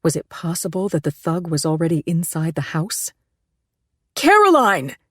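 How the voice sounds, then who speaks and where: A woman narrating an audiobook in a steady, measured storytelling voice, pitched a little low. The recording is close and dry, with no room sound. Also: slightly rough, dry recording. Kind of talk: scripted narration.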